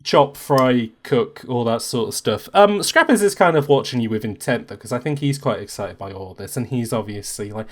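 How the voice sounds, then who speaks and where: A man's voice: mid-range voice, animated, normal speed, few pauses. A man narrating a tabletop role-playing game as game master, casual and chatty.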